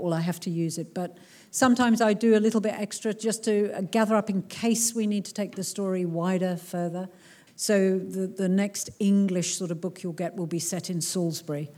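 A woman's voice: lowish voice, a little mellow. A woman author, chatting animatedly and joking while answering audience questions at a live talk in a cultural centre. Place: cultural centre hall before a crowd.

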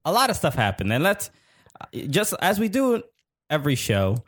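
A man's voice: fairly high pitch, wildly swooping pitch, a bit bright. Podcast guy chatting loose, voice bounces up and down, laughs a ton, trails off mid sentence. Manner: laughs a lot, halting, trails off. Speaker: podcast co-host. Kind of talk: casual chat.

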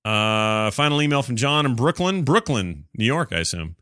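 A man's voice: medium pitch, expressive, moderate pace, fairly bright tone, no echo. A man hosting a gaming podcast alone, reading listener emails aloud and answering them in a chatty, rambling, self-deprecating way. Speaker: podcast host.

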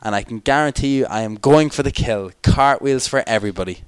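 A man's voice: mid-range voice, a little fast, smooth, no echo. A young man co-hosting a podcast in rambling, jokey, tired late-night chat. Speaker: podcast co-host. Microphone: external microphone.

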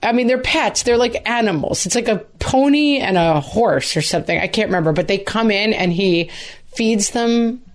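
Woman in her forties, podcast co-host, playful and lively, mid pitch. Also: moderate pace. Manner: playful, animated storytelling. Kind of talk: casual chat.

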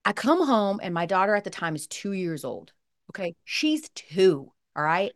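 A woman hosting a podcast, telling stories in a lively, animated way with acted-out quotes. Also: medium pitch, normal speed. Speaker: podcast host. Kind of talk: casual chat.

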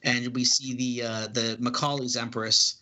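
A man's voice: medium pitch, little pitch movement, a little slow, bright, forceful tone. A man casually reading through a comic book and describing its panels, hesitant and full of fillers. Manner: rambling, hesitant, many fillers.

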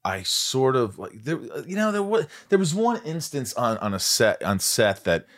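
A man hosting a podcast, talking in a casual, animated way with lots of swearing and self-deprecating stories. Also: medium pitch, moderate pace. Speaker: podcast host. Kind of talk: casual chat.

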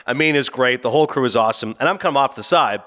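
A man in casual radio-show chat, telling an animated story and acting out bits of dialogue. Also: mid-range voice. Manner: animated, acts out dialogue in quick bursts.

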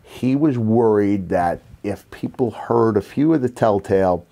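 Guy in his 50s, slight new york accent, kinda low voice, rambles along with lots of uhs and you knows. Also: animated, measured pace, warm tone. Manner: reflective, rambling with many fillers. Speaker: podcast host, former wrestler. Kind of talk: casual storytelling chat.

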